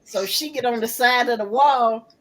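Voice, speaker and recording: A woman's voice: a little high, moderate pace. A woman, telling a TV episode's plot in casual chat and acting out the quotes. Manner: animated storytelling, acts out quotes, swears freely. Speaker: host.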